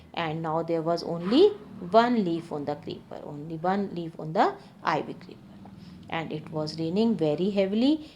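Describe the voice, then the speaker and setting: A woman's voice: on the low side, dark tone, a little hiss or hum. A woman reading a story aloud and re-explaining each sentence in simpler words, as a teacher.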